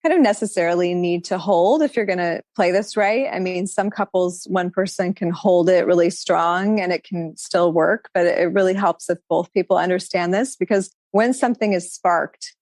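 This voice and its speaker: A woman with a lower voice speaks as a podcast guest, musing in long flowing thoughts. Her talk is reflective and spiritual, full of casual fillers. The sound is dry and close. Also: moderate pace, hardly any pauses, darkish tone, no room sound. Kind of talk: casual conversational interview.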